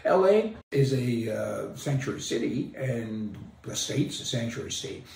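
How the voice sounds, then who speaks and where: A man's voice: medium pitch, big pitch swings, unhurried, vocal fry, a little mellow. A man giving an opinionated, folksy monologue as a commentator, sarcastic and emphatic. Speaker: political commentator. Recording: roomy, distant mic.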